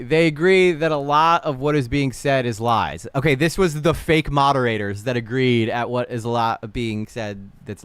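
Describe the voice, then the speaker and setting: A man hosting a casual livestream reaction, animated and blunt, swearing freely while talking to his chat. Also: medium pitch, clear, resonant tone, dry recording. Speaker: livestream host.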